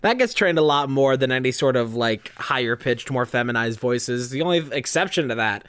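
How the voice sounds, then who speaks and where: A podcast co-host and streamer in casual chat, speaking in a relaxed, untensed chest voice. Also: mid-range voice, brisk, smooth, dry recording.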